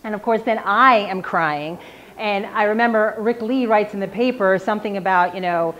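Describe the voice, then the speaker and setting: A woman's voice: medium pitch, normal speed, a little hiss or hum. A woman, a defense attorney, telling a personal story at a live storytelling event in a casual, self-mocking way, with frequent "like". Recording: slightly dull live recording with faint ambience.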